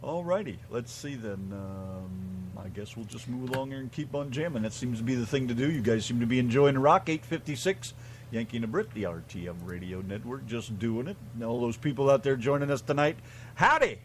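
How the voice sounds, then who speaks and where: A laid-back American man co-hosting a small internet radio show. He rambles in a loose, chatty way, and his pitch swings widely. A faint hiss sits under the voice. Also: animated, brisk. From United States. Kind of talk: casual radio chat.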